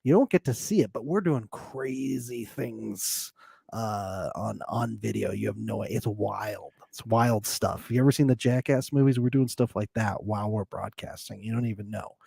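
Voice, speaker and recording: A man's voice: on the low side, normal speed, vocal fry, mellow, breathy edge, dry recording, clean studio sound. Giggly chatty male podcast co-host. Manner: chatty, laughs often, plugs socials. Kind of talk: casual live recap chat.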